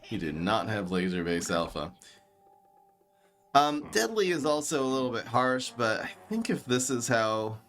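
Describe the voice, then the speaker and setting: A man with a bright, forceful voice and a faint New York-style East Coast accent, talking through his moves as he streams. He thinks out loud and swings into excited, laughing bursts. Plain mid-range pitch, close desk mic. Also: a little slow, faint music behind. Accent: New York-tinged East Coast. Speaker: streamer playing a card game. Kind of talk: live game commentary.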